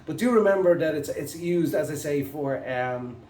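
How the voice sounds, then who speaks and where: A man with an Irish accent, teaching an English grammar lesson to camera, halting and full of fillers and restarts. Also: on the high side, darkish tone, a little hiss or hum. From Ireland. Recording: echoey room, mic at a distance.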